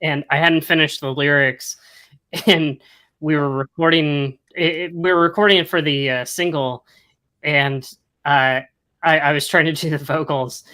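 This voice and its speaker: A man's voice: a little high, bright, forceful tone. A man, the singer of a band, chatting as a podcast guest in a laid-back, self-deprecating way. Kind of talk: casual interview chat.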